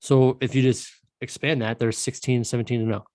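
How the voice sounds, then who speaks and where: A man's voice: mid-range voice, flat delivery, fairly quick, a little mellow, no room sound, studio quality. Blunt man co-hosting a sports podcast. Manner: blunt, swearing, restarts sentences. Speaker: podcast co-host. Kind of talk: casual sports chat.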